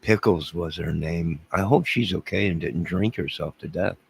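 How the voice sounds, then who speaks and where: Gravelly, deep-voiced rambling man. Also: normal speed, low-quality recording. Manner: rambling, self-deprecating, chuckling. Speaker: livestream host. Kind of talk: casual livestream chat answering viewers.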